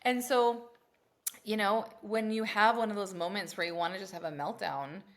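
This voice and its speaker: A woman's voice: mid-range voice, brisk. A woman co-hosting a casual podcast chat. She is a mother who tells stories in a brash, profane way and acts out her own past rants in a raised voice. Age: adult with children. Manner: profane, animated storytelling. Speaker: podcast co-host.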